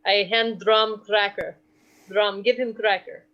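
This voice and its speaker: A woman playing a tabletop game, talking in a polite, patient way and gently scolding. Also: medium pitch, flat delivery, slow. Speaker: player. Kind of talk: casual tabletop role-play. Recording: dull lo-fi mic.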